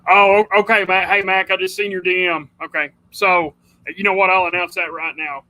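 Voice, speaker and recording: A man with a high, very bright and sharp voice hosts a loose livestream from his home computer. He rambles and chats freely. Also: flat delivery, a little fast, rough recording. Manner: rambling, chatty, says dude a lot. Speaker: livestream host. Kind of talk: casual livestream chat.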